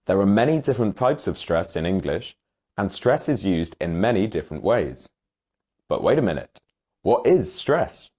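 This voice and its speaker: Low, animated man presenting a pronunciation lesson. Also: normal speed. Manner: clear and instructive. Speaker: online English teacher. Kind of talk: scripted lesson narration.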